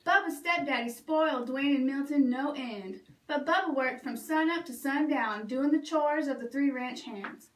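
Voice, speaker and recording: A woman librarian reading a picture book aloud for children in a lively, expressive way. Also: high voice, moderate pace, hardly any pauses, distant mic. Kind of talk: storytime read-aloud. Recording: roomy echo, away from mic.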